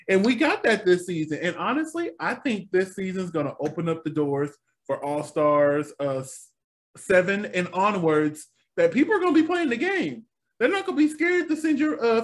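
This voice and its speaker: Lively high-voiced man hosting a chat. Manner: animated, laughs often, exclamatory. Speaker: co-host of a review show. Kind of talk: casual chat.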